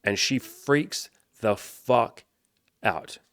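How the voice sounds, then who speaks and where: A man's voice: medium pitch, very slow, a bit bright, dry recording, studio quality. A man, a dating coach, telling a story in a loose, chatty way, swearing freely and filling with "like". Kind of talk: casual storytelling to camera.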